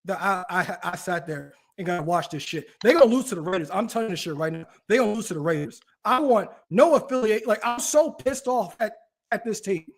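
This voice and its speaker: A man's voice: high voice, lively intonation, brisk. A man hosting a casual talk show, ranting animatedly with frequent restarts. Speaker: podcast host. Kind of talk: casual chat.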